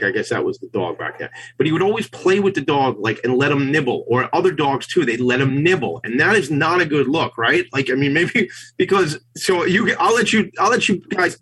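A male radio host telling a story in a lively, rambling way, full of fillers and sudden jumps in pitch. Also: husky, poor audio. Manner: animated, rambling, many "like" fillers. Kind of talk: lively talk radio chat. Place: New York.

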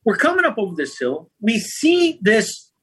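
Man host, husky and bright, chatty storyteller with a lively, swinging delivery. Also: high voice, normal speed. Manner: lively, chatty, often adds "right?" and "man". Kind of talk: casual storytelling chat.

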